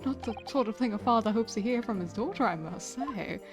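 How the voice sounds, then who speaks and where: A woman's voice: fairly high pitch, lively intonation, a little fast, over music, close to an everyday voice. A woman reading aloud as a dignified middle-aged father, a professor, in a stately, fussy way. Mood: fatherly.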